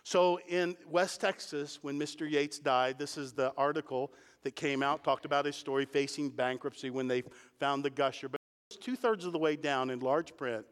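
A man's voice: steady tone, normal speed, clear, resonant tone, big-room sound. A man pastor preaching a sermon, explaining verses and building to emphatic points. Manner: emphatic preaching, rising in pitch and volume at key points.

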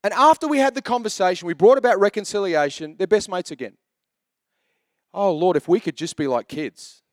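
A man's voice: sits high, lively intonation, brisk, no echo, studio quality. A man in his thirties preaching a sermon as pastor, telling jokey stories in a chatty way. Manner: chatty, joking storyteller.

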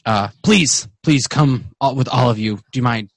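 A man's voice: medium pitch, normal speed, dry recording, natural voice. A man voicing a friendly, courteous male wood elf who speaks hesitantly.

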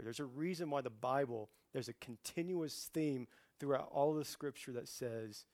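A man in his forties preaching a sermon in a conversational way, dropping to a hush and then rising into loud, lively outbursts. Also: mid-range voice, normal speed, few pauses, no echo. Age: 40s. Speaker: pastor.

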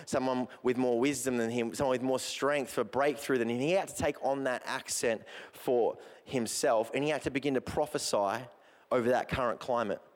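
A man preaching a sermon as pastor, driving his points home with repeated emphatic phrases. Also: medium pitch. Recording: long hall reverb.

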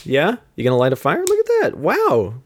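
A man's voice: fairly high pitch, a little fast, a little hiss or hum. A man hosting a podcast with playful, theatrical banter, hamming up being scared. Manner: excitable, theatrical. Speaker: podcast host.

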